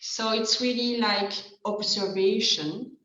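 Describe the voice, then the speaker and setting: A woman's voice: medium pitch, slow pace, a bit bright, roomy sound, highs cut off. A woman with a French accent, a coach explaining her method hesitantly with many fillers in a casual video chat. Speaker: transformation coach, co-host.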